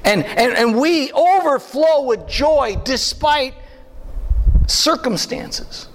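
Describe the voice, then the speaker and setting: A man preaching a sermon as pastor, animated and full of rhetorical questions and asides to the congregation. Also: extremely high pitch, slow pace, slight background noise. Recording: long hall reverb.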